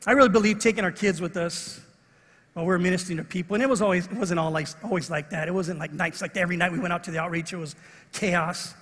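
A middle-aged man preaches with a high, husky voice that rings out through a large hall. He tells a story in an animated way and acts out the people in it. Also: fast. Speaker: pastor. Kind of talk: sermon with a personal story. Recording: long reverb of a large hall.

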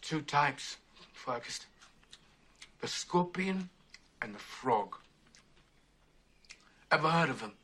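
An actor playing a captive soldier under a hood, talking on in a soft, hushed voice in a film scene. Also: male voice, a little high, expressive, takes it slowly, long pauses, slight background noise, heavily acted. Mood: calm, musing. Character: captive hooded soldier, chatty and calm. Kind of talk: film dialogue clip.

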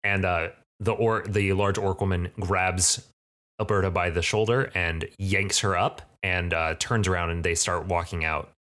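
A man's voice: sits low, steady tone, measured pace, a bit bright. A man narrating as game master of a tabletop game, hesitant and full of fillers as he describes the scene.

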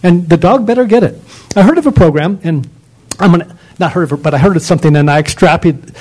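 A man's voice: high voice, fast talker, darkish tone, poor audio. A man lecturing on dog training in an emphatic, ranting way, full of rhetorical questions.

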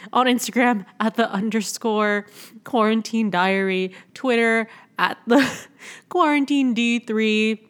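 A woman's voice: medium pitch, moderate pace. A young woman hosting a casual solo podcast, rambling with many fillers and poking fun at herself. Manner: rambling, frequent "like" fillers, self-mocking. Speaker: podcast host.

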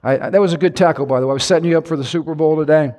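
A man preaching a sermon in a church, telling a story with lively acted-out quotes. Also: a little high, racing, big-room sound. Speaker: pastor. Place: church sanctuary.

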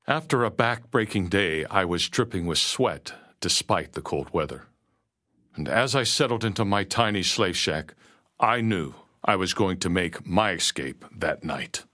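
A man's voice: deep voice, sharp tone. A man narrating a first-person storybook tale in an earnest, dramatic way.

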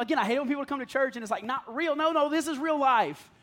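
A man's voice: extremely high pitch, very fast, fairly bright tone. A man in his thirties preaching in a conversational, self-deprecating way, telling stories and often laughing. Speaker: pastor. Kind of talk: conversational sermon.

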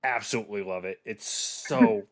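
A man's voice: fairly low pitch, fairly even intonation, normal speed. A man chatting casually, gushing about a book he reviewed, with many fillers. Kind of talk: casual chat.

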